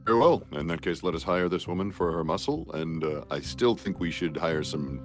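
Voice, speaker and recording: Low male voice, formal role-play player, courtly phrasing. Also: steady tone, normal speed, faint music behind. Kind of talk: in-character tabletop role-play.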